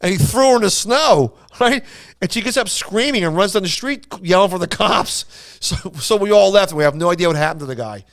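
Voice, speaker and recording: A man's voice: sits high, expressive, a little fast. A man hosting a podcast, telling a long story in casual chat and acting out the quoted voices. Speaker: podcast host.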